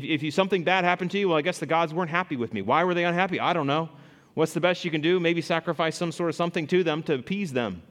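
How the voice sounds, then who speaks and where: A male pastor preaching a sermon, animated, rising loud for emphasis and dropping low to read scripture. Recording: long reverb in a large hall.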